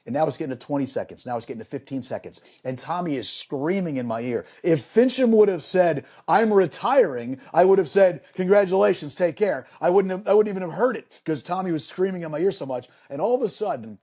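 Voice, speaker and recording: A middle-aged man, a sports broadcaster, telling lively anecdotes as a guest on a podcast and repeating phrases for emphasis. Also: on the high side, fast, hardly any pauses. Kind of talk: animated storytelling in a podcast interview.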